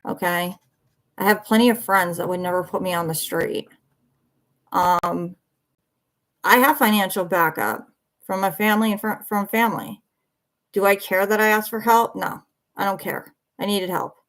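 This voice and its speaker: A woman's voice: medium pitch, measured pace, a bit bright. A worn-out woman ranting defensively on a livestream, blunt and swearing, repeating herself as she answers viewers. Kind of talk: heated livestream rant.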